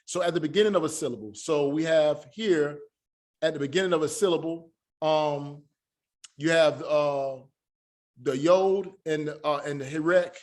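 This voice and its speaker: Patient man drilling Hebrew sounds. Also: a little high. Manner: patient, repeats words slowly to drill pronunciation. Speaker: Hebrew teacher. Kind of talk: classroom lesson.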